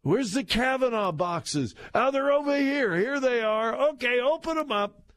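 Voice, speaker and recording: Radio talk guy in a dry studio, mocking and chuckling, drags his words out slow. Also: extremely high pitch, expressive, fairly bright tone, dry recording. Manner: mocking, laughs while talking, drawn-out emphatic delivery. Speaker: radio talk show host. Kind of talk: political talk radio commentary. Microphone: studio microphone.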